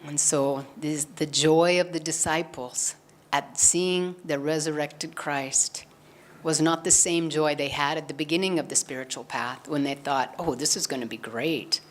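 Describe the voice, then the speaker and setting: A woman's voice: sits low, fairly even intonation, unhurried. A woman giving a spiritual satsang talk, earnestly retelling a gospel story and acting out the quoted lines. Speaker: satsang speaker.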